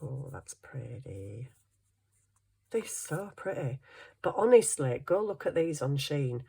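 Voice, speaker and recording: Husky, slow-talking woman. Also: very deep voice, very animated, warm tone. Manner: chatty, thinks aloud while working, self-deprecating. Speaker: craft vlogger. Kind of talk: casual chat while crafting.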